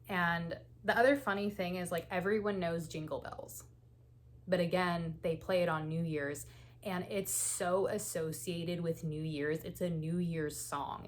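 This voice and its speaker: A woman with a low, fairly bright voice hosts a knitting channel and tells stories in a casual knit-and-chat style. She's chatty, laughs often and says "like" a lot.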